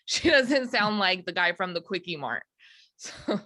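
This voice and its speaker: A woman comedian in a casual interview, talking in an animated, rambling way with frequent laughs. Her voice is bright and forward. The sound is dry and close. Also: on the low side, measured pace, dry recording. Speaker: comedian guest.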